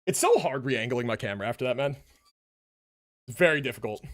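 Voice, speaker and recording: A man's voice: mid-range voice, lively intonation, a little fast, a bit bright. A young man livestreaming from home, chatting casually and loosely with many restarts and fillers. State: out of breath after push-ups. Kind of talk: casual live-stream chat. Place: home room. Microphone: desk mic, moves away from it.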